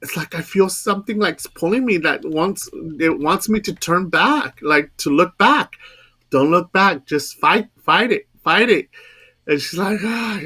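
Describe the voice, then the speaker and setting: Man, somewhat high voice, bright tone, rambling repetitive storytelling. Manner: repetitive, rambling retelling with quoted dialogue. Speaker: guest storyteller. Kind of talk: casual storytelling.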